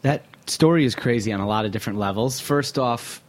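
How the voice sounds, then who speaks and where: A man's voice: mid-range voice, a little fast. A man hosting a podcast, asking thoughtful, curious questions in a conversational interview. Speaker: podcast host.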